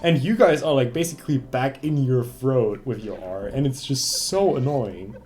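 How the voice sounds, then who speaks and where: A man's voice: medium pitch, normal speed, a little mellow, a little hiss or hum. A young German man streaming a game, chatting casually in English with a German accent, ranting and swearing in exasperation. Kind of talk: casual live-stream chat.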